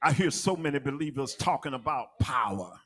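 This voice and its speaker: A man preaching a sermon in a church, with a rhythmic delivery that rises into shouted, half-sung cadences. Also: medium pitch, lively intonation, fairly quick, slightly rough.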